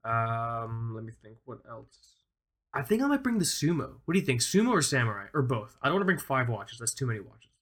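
A man's voice: mid-range voice, big pitch swings, fairly quick, a bit bright. A man in his thirties co-hosting a casual podcast, rambling enthusiastically with lots of fillers. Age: 30s. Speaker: podcast co-host.

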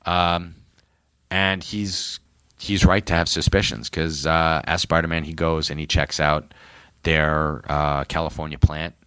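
A deep-voiced man hosts a casual comic book chat. He talks enthusiastically and loosely, with bright, forceful delivery. His voice sounds dry and close. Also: little pitch movement, a little slow, smooth, dry recording. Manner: enthusiastic, rambling, with frequent fillers. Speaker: podcast host.

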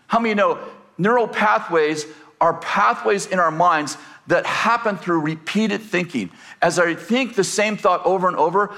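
In a high, bright and forceful voice, a male pastor preaches to his congregation. Rhetorical questions fill the sermon, and he acts out the voices he quotes.

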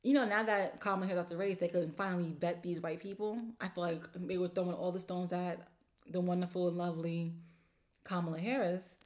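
Woman doing a solo podcast rant, kinda low voice, slangy and fired up, cussing a lot. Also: a little fast. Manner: animated, exasperated, swears freely; slangy informal speech. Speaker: podcast host.

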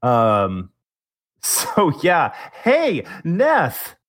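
A man's voice: on the high side, huge pitch swings, very slow, fairly bright tone. A man co-hosting a casual gaming podcast, steering the talk and teasing his co-hosts. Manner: leads the talk, teasing, laughs easily. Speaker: podcast co-host.

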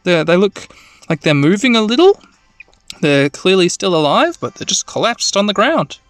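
A man narrating a video game at a gentle bedtime pace, rambling and making wry asides. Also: sits high, big pitch swings, normal speed, no room sound. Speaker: let's play narrator.

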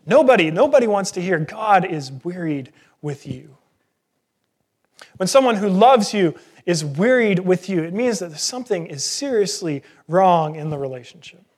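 A man preaching an earnest sermon, asking rhetorical questions and joking at his own expense. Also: high voice. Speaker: pastor.

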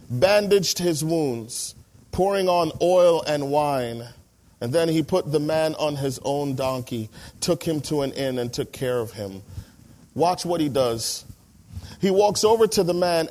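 A male pastor in his thirties delivers a sermon in a slightly raised voice. He is animated and emphatic, slows down to stress his points and mimics the people in his stories. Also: on the high side.

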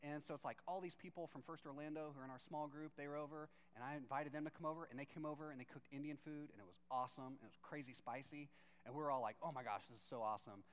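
High, smooth-voiced man telling a comic story. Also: quick pace. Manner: animated, self-deprecating, jumps into excited shouts when acting out his own reactions.

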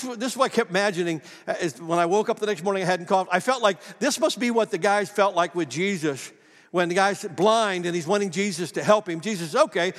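High-voiced pastor in an echoing church. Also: male voice, fairly bright tone. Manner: folksy, self-deprecating, acts out quoted dialogue. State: lingering cough. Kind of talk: sermon with personal storytelling. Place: church sanctuary. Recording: long hall reverb.

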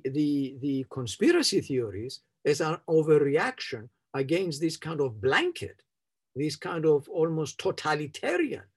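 A man reflects aloud in an interview, his voice a touch higher than most with a gravelly crackle. The tone is husky rather than clean. He hesitates often, circling back on phrases as he searches for what he means. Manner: hesitant, searching for words with many restarts and short laughs. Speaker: interviewee speaking on trauma. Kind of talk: unscripted interview answer.

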